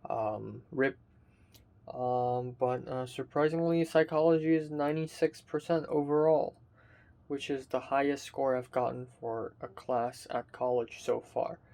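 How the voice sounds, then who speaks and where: A tired, sleepy young man, a college student, films himself in his bedroom for a casual video diary, rambling haltingly with lots of fillers and swearing. His mid-range voice is steady and a little mellow, with vocal fry.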